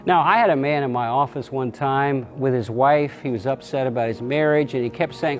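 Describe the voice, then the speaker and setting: A middle-aged pastor giving a short, plainspoken sermon and acting out quoted voices. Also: male voice, moderate pace, hardly any pauses, soft background music. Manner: acts out quotes with raised pitch.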